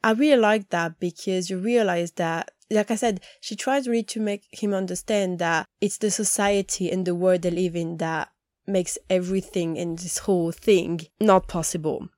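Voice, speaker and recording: A woman's voice: fairly low pitch, steady tone, normal speed, darkish tone, no room sound, clean studio sound. A woman chatting casually as a podcast host, animatedly retelling scenes and acting out lines. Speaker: podcast host recapping a TV episode. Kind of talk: casual chat.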